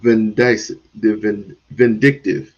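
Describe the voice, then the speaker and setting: A man's voice: fairly low pitch, little pitch movement, slow, darkish tone, muffled recording. A man hosting a livestream, talking bluntly and in a drawl straight to his chat. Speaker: livestream host. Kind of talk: livestream commentary.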